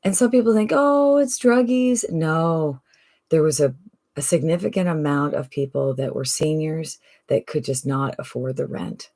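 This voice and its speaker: A woman from Canada with a low, deep voice makes a casual sales pitch. She talks in a chatty, persuasive way and keeps asking the listener rhetorical questions. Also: moderate pace, dark tone. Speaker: online business promoter.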